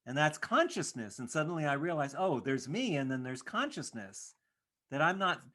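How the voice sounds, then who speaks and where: A man, a meditation teacher hosting the talk, speaking in an animated and emphatic way and laughing now and then at his own remarks. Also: a little high, normal speed. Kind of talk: reflective conversational talk.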